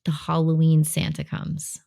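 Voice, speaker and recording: A woman's voice: low voice, monotone, a little slow, creaky, mellow. A woman co-hosting a podcast, chatting about films with playful, bossy teasing and plenty of enthusiasm. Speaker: podcast co-host. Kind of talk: casual film chat.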